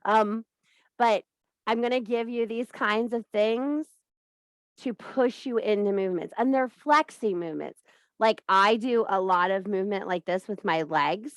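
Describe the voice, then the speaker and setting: A woman's voice: mid-range voice, a little slow, dry recording. A woman hosting a casual spiritual coaching talk who swears freely, laughs at her own jokes and talks in a bawdy, joking way. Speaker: host of a witchcraft and wellness group.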